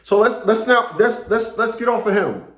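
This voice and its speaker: A man's voice: sits high, animated, normal speed, echoey room. A man ranting in a casual political monologue, rambling, repeating himself and swearing. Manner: rambling, repeats words, profane. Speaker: political commentator.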